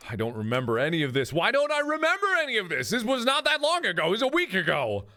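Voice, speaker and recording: Animated man reading a game aloud. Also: high-pitched, moderate pace. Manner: animated, jokey, self-questioning. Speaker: gaming video host. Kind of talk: let's play commentary, reading game dialogue aloud.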